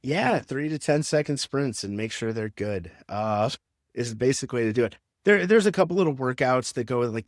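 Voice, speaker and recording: A man's voice: fairly low pitch, no room sound, clean studio sound. A man who works as a strength and conditioning coach, explaining training in a casual podcast interview with lots of fillers.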